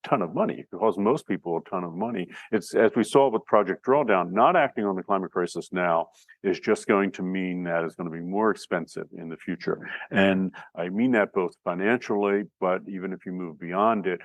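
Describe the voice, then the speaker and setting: A man's voice: deep voice, brisk, no echo. A man from the United States giving a recorded class lecture, thinking aloud with fillers and restarts. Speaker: instructor.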